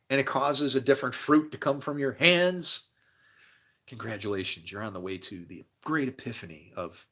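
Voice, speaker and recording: A man on a livestream, preaching in a rambling religious monologue, swinging from murmurs to loud bursts and laughing between phrases. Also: mid-range voice, moderate pace.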